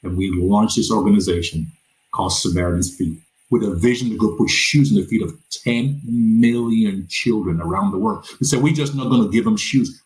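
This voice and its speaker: A man's voice: on the low side, poor audio. A man from Nigeria, a podcast guest telling his own story in earnest and often repeating words as he goes. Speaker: podcast guest, nonprofit founder. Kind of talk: personal storytelling in a conversation.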